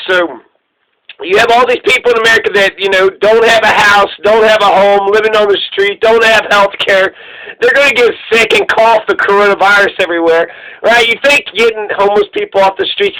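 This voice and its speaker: A man's voice: sits high, sharp tone, low-quality recording. A man delivering a sarcastic, profane political rant, rambling and mocking, sometimes acting out both sides of a mock exchange. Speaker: political commentator.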